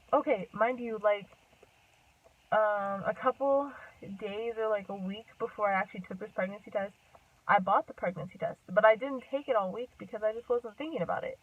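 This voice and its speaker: A woman's voice: on the high side, normal speed. A young woman telling a personal story to her camera in a rambling, chatty way, full of "like" and "um" and frequent laughs. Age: young adult. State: a bit out of breath. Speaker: vlogger. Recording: distant tinny phone-like sound.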